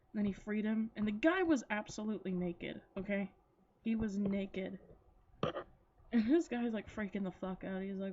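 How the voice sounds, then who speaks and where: A woman talks straight to her viewers in a loose, chatty ramble, giggling and cursing as she trips over her own sentences. Her voice sits at an ordinary middle pitch. The sound is dull and lo-fi, like a home recording on a built-in mic. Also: normal speed, darkish tone. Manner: rambling, giggly, swears freely, many likes and restarts. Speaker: anime reviewer. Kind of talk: casual chatty plot retelling.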